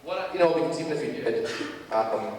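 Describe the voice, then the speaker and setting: A man's voice: mid-range voice, fast talker, distant mic, a little hiss or hum. Man speaking in an echoey gym. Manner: animated storytelling that addresses the crowd directly. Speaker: motivational speaker at a school assembly. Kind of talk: speech to a student audience. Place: large school gymnasium.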